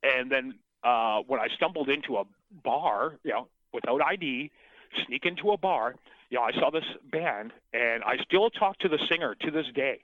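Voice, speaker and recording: A middle-aged man, a singer, talks through his past in a loose, rambling interview, cursing casually and restarting his sentences. His voice sits at an ordinary pitch for a man. The sound is thin and boxy like a phone call, with no room echo at all. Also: animated, moderate pace. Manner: rambling, profane, restarts often. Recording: tinny phone-line sound, dry.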